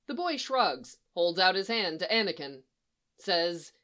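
A woman narrating a story aloud in an expressive, animated reading. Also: on the low side, slow. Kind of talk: storybook reading of fan fiction.

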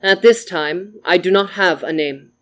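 A storyteller voicing a calm, mournful samurai man who speaks softly and formally. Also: mid-range voice, close to an everyday voice. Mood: solemn. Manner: soft, formal, measured speech.

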